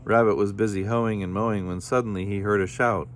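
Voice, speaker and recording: A man with a low voice reading a children's story aloud. He tells it plainly and steadily, and a faint hiss sits under the voice. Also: steady tone, a little fast. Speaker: storybook reader.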